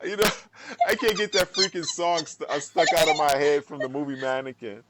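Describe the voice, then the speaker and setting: A man co-hosting a podcast in casual chat, excitable and swearing often, with frequent laughs. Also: on the high side, brisk, heavy background noise. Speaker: podcast co-host.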